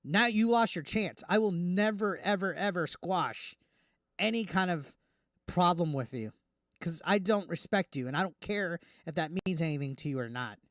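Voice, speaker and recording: Man, commentary host, indignant rant, slightly high voice, dry close mic. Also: expressive, fairly bright tone, no echo. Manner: heated, indignant, fast with repeated restarts. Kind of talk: ranting reaction commentary.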